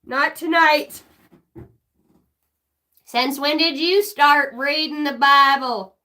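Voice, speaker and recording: A middle-aged woman with a high, bright voice chats slowly on a live stream while offering spiritual readings. Her talk is loose and rambling, goofy and self-mocking, with frequent laughter and free swearing.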